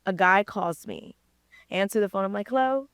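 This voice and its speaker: A woman's voice: mid-range voice, moderate pace, clear, resonant tone, no room sound. A woman guest in an interview, telling a story in casual slang and acting out the people in it. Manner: lively storyteller, slangy, acts out quoted people. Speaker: interview guest, credit repair coach.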